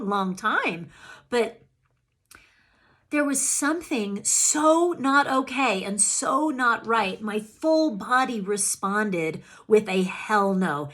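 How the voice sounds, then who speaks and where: A woman coaching on emotional healing in an earnest self-help talk. She speaks to the listener directly and jumps up in pitch when acting out her own feelings. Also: fairly bright tone.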